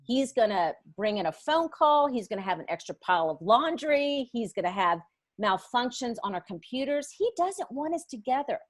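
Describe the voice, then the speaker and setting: A middle-aged woman, a Bible study teacher, telling a story as a guest in a podcast conversation, lively and acting out the voices of others. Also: a little high, normal speed, no echo. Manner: animated, acts out others' voices in her stories.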